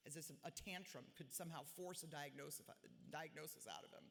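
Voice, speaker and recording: At a gala in a spacious hotel ballroom, where the sound rings with long reverb, a woman in her forties reads her diary-style speech. Her low, creaky voice has a slight brightness, and she moves briskly with few pauses, blunt and self-mocking throughout.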